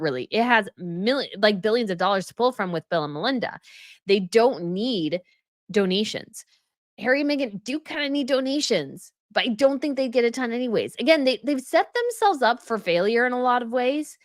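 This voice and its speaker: Lively chatty woman livestream host. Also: a little high, no echo, studio quality. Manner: chatty, reads viewer comments aloud and reacts. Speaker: royal news livestream host. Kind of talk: casual livestream chat reading comments. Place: home setup.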